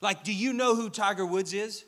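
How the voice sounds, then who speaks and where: Young man, pastor, sermon, animated storytelling, high-pitched. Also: moderate pace. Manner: animated, storytelling with audience questions.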